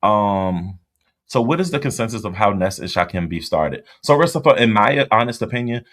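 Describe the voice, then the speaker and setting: A man with a deep, low-pitched voice hosts a casual livestream. He talks bluntly and chattily, reacting out loud to viewer comments as he reads them. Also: expressive, moderate pace. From US East Coast. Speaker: livestream host.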